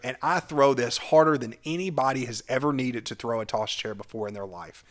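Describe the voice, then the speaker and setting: A young man telling a personal story about his school cheer days, vividly and animatedly, his loudness rising and falling with the tale. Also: mid-range voice. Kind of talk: storytelling vlog.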